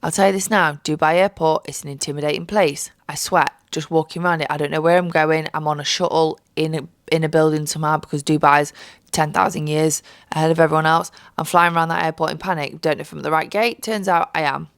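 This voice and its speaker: A young woman telling a travel story in a casual vlog, animated and heavily sweary, mocking people with put-on voices. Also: low voice, fast, clean tone, no room sound, studio quality. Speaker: vlogger.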